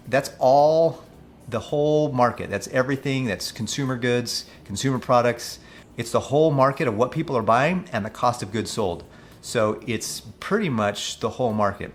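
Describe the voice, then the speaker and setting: A man's voice: mid-range voice, a little hiss or hum. A man coaching on personal finance, talking casually and skeptically through news articles and reading figures aloud. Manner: mocking when quoting officials.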